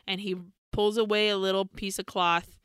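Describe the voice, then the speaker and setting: A woman's voice: mid-range voice, level tone, normal speed, a bit bright, smooth, dry recording, studio quality. A woman co-hosting a podcast, casually and animatedly retelling a film plot, acting out characters' lines and swearing freely. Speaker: podcast co-host. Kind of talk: casual chat recapping a film.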